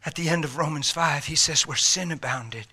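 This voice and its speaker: A man preaching an impassioned sermon, swinging between loud bursts and breathy whispers. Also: on the high side, normal speed.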